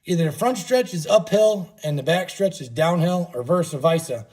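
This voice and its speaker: A man with a husky, slightly rough voice chats casually on his livestream. He rambles in a folksy, easygoing way and drops offhand swears as he goes. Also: on the high side, lively intonation, normal speed, a little mellow. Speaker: livestream host.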